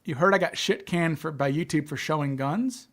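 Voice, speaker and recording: A man with a fairly high-pitched voice chats casually as the host of a livestream. He stutters often, repeating words and restarting his sentences as he thinks aloud. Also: moderate pace, fairly bright tone.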